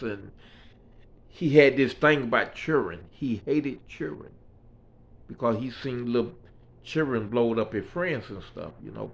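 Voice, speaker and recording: A man's voice: medium pitch, creaky, a bit bright, muffled recording. A man telling his life story in a casual, rambling way, with frequent fillers. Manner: rambling, fillers like "you know" and "right".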